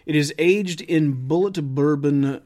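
A man's voice: on the high side, measured pace, warm tone. A man hosting a podcast, chatting casually with a dry, joking manner. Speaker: podcast host. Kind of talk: casual chat.

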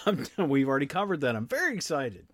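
A man co-hosting a podcast in casual chat, with a dry, deadpan sense of humor. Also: medium pitch, a little fast, no room sound. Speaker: podcast co-host.

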